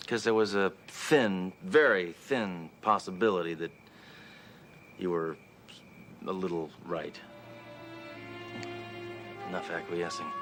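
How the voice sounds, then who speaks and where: A brash deadpan tough cop. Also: male voice, sits low, slow, pauses often, soft background music. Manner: macho, deadpan, bluntly self-assured. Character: brash trigger-happy male cop, adult. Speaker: police detective. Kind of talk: sitcom acting.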